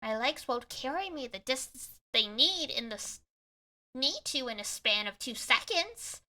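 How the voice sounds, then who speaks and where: A woman reading aloud the inner monologue of a grim young man fighting a vampire, in a quiet, measured voice. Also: sits high, very animated, exaggerated voice. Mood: resolute. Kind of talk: reading visual novel narration aloud.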